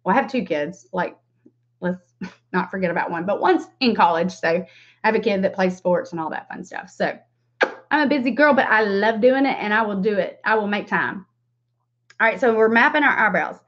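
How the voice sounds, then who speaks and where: A woman's voice: mid-range voice, animated, moderate pace, fairly bright tone. A woman in her forties with a Southern US accent, giving a casual livestream makeup tutorial. She chats with viewers by name and laughs often. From Southern United States. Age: 40s. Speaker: makeup vlogger. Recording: dull lo-fi livestream audio.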